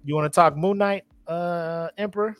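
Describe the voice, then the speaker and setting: A man hosting a podcast, chatting casually with friends in animated, slangy banter. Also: sits high, moderate pace, clean tone, no echo. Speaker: podcast host. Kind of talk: casual chat.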